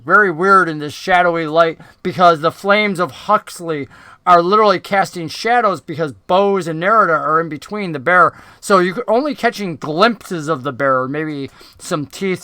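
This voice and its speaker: A man's voice: high voice, bright, forceful tone, smooth, no echo, studio quality. A man narrating as dungeon master in a tabletop game, describing scenes in a casual way with many fillers.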